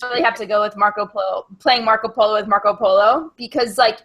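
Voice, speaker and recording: A woman co-hosting a casual chat, giggly, who acts out quotes in high silly voices. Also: fast, fairly bright tone, husky. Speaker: podcast co-host.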